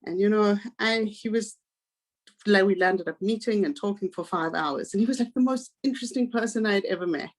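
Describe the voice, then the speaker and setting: South African woman in her forties, guest speaker, lively personal storyteller, mid-pitched voice. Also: brisk. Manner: animated, acts out quoted voices.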